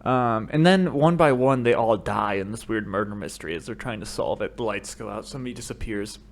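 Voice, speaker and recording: An American man hosting a podcast, telling rambling comedic stories full of swearing that break into shouted rants, speaking into a studio microphone. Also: on the low side, fairly quick, gravelly. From United States. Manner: profane, rambling storytelling that bursts into shouted rants. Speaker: podcast host. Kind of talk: solo comedic monologue.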